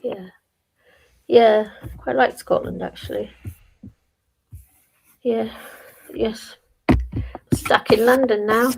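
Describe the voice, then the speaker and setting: A woman's voice: fairly high pitch, very slow, creaky, long pauses, husky. An older woman hosting a live stream, chatting casually and rambling to herself while she waits for others.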